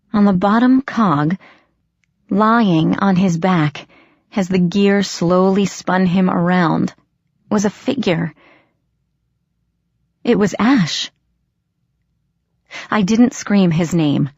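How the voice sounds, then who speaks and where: Slow, gravelly woman narrating a novel. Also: on the low side, no echo, highs cut off. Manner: measured, unhurried storytelling. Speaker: audiobook narrator. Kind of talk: first-person novel narration.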